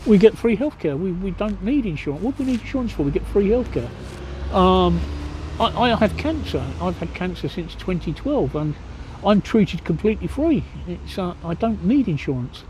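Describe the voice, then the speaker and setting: An older man chats bluntly through his phone, answering viewers' questions one after another. His voice sits a little high but sounds mellow and relaxed. Faint city traffic hums behind him. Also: moderate pace. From England. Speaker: livestreamer. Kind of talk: casual live Q&A chat. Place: outdoors at a pub in a city.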